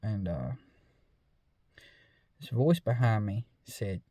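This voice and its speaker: A middle-aged man with a medium-pitched, slightly mellow voice tells a true story at a moderate pace, his intonation fairly even. He drawls along in an easygoing way, packing in fillers and saying "I said" again and again.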